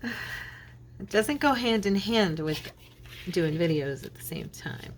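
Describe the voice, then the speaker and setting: A woman's voice: medium pitch, animated, slow pace, slight background noise. A middle-aged woman chatting casually while she crafts, telling stories and laughing often. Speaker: crafting channel host; minister.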